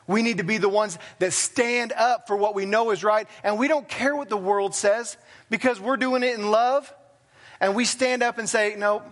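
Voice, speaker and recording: A man's voice: high-pitched, a bit bright. A man preaching a sermon as pastor, talking plainly and conversationally with self-deprecating asides. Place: church sanctuary.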